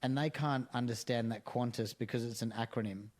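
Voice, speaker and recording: A man's voice: mid-range voice, steady tone, brisk, a little mellow. A man tells a story in a loose, chatty way. He mimics other people's lines for laughs. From Australia. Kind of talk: casual storytelling.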